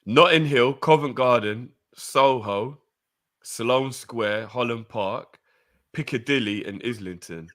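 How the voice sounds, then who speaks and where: A man's voice: mid-range voice, slow. A man co-hosting a live stream, joking around casually and reading out viewer comments. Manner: animated, jokey, streetwise slang.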